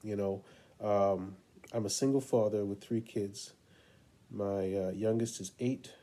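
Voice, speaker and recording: A middle-aged man, a parent coach, telling a story in a relaxed, unhurried way with many pauses. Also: on the low side. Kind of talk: casual storytelling talk to camera.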